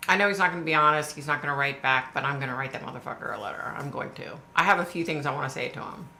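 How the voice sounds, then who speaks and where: A woman's voice: low-pitched, rapid-fire, pushed and bright. A woman hosting a casual live stream, reading out viewer comments and answering them bluntly, swearing freely. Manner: blunt, swears freely, repeats questions for emphasis. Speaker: livestream host. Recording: echoey room with faint background noise.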